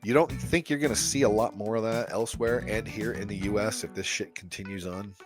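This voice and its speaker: A man's voice: on the low side, fairly quick, music in the background. A man hosting a casual opinion podcast, blunt and profane, laughing often. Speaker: podcast host.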